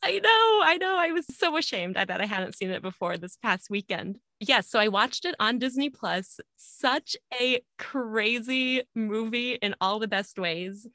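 Giggly woman on a podcast, high bright voice that bounces around a lot, dry sound. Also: lively intonation, measured pace, few pauses, no room sound. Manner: giggly, bubbly, laughs often. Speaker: podcast co-host. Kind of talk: casual chat.

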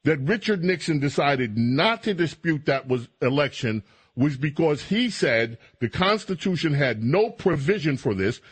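Combative husky male radio host. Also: a little high, unhurried. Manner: combative, lively, rising to outrage. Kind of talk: heated political talk radio.

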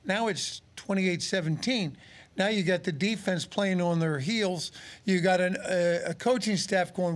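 Older guy, ex football player, pretty high voice for a man, tells stories and acts out the lines people said. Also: a little slow. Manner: animated storyteller, acts out quotes. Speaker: former pro football player and radio analyst. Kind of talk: casual sports talk.

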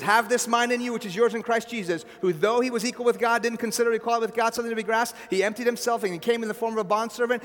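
Here a man whose voice is high and fairly bright delivers a conversational sermon in a large hall. He keeps checking in with the congregation, tossing in "right?" and "okay?" as he goes.

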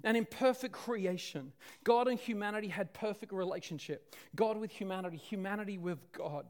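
A man preaching a sermon, swinging from loud declarations to hushed, dramatic near-whispers. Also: high-pitched, moderate pace.

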